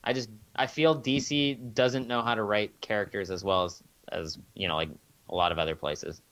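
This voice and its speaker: A man's voice: lowish voice, steady tone, moderate pace, fairly bright tone. A man co-hosting a podcast in casual, profane chat with lots of fillers. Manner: loose and profane, many fillers. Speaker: podcast co-host.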